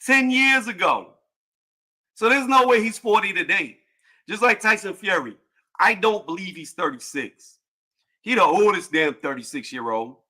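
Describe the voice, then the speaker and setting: A man hosting a casual boxing livestream panel, joking loudly and cursing, with frequent laughs and trash talk. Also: sits high, animated, moderate pace.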